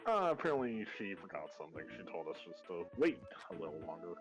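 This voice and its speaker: A man co-player on a stream, talking in lively asides. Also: deep voice, fast talker, over music. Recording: dull lo-fi mic.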